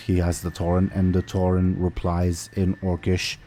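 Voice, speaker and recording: A man running a tabletop game as game master, narrating loosely and hesitantly with many pauses. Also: sits low, monotone, dark tone.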